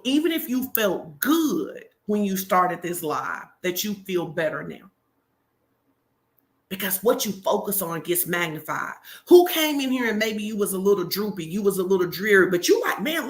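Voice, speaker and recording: A woman hosting a live stream, giving a motivational talk with energetic, emphatic encouragement. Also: medium pitch.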